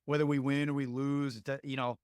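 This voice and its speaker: A man's voice: mid-range voice, flat delivery, brisk, clear, resonant tone, dry recording, studio quality. A young adult man telling coaching stories in casual podcast talk, earnest and rambling with many fillers. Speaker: lacrosse coach, podcast guest.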